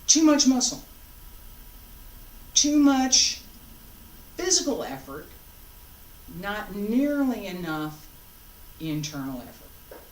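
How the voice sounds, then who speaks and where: A woman teaching a martial arts class, counting students through moves and calmly correcting their form. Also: mid-range voice. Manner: calm, deliberate, corrective coaching. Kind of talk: class instruction with counted cues. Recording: echoey room, distant mic, faint background noise.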